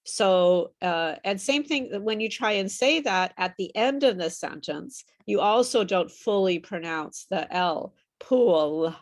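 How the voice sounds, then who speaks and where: A woman's voice: medium pitch, lively intonation, unhurried, few pauses. A woman tutoring a small online class in pronunciation, modelling words and repeating them patiently. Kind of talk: online group lesson.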